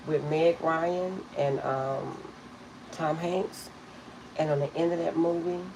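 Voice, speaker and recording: A woman's voice: sits low, dark tone, slight background noise, poor audio. A middle-aged woman reading tarot, telling rambling stories to her viewers and laughing often. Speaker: tarot reader. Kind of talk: casual storytelling to viewers.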